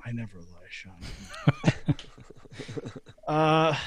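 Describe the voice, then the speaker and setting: A man's voice: mid-range voice, normal speed, no echo. A male podcast host talks in a loose, joking way and is blunt about his opinions. His voice sits in the middle range. He is close on a dry mic with no room sound. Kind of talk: casual chat.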